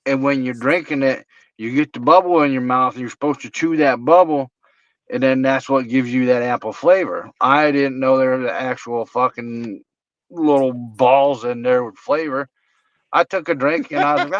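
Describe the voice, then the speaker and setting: A man's voice: medium pitch, moderate pace, no echo. A man co-hosting a podcast, telling a laid-back, profane funny story about his truck and his wife. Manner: laid-back, swearing, amused. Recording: slightly muffled, dry.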